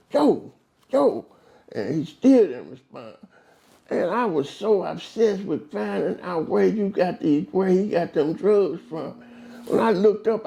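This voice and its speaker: A man in casual conversation telling long, animated stories, acting out quoted voices and often stumbling over and repeating words. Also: on the high side, gravelly. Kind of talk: casual storytelling chat.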